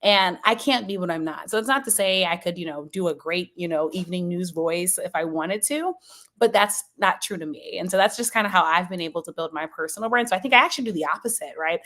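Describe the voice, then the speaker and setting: A woman from Maryland, a sports journalist, chatting as an interview guest in a lively, talkative way with frequent laughs. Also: fairly low pitch. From Maryland, USA. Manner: lively and talkative, quick laughs, fillers like "you know". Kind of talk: casual interview chat.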